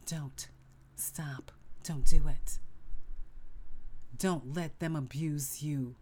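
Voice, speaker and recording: A woman's voice: sits low, fairly even intonation, takes it slowly, warm tone, slight background noise. A middle-aged woman hosting a motivational self-help podcast, speaking emphatically with lots of repetition and sudden whispered asides. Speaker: podcast host.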